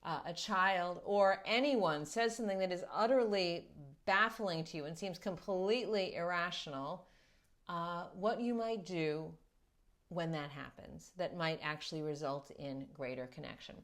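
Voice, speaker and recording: A woman's voice: fairly low pitch, unhurried. A middle-aged woman parenting coach giving earnest, reflective advice and explaining her points through stories. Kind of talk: talking-head advice video.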